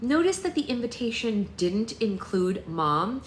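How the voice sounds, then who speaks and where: A woman hosting a book club, reading a novel aloud in a lively, expressive way. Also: fairly high pitch, measured pace, reverberant, slight background noise.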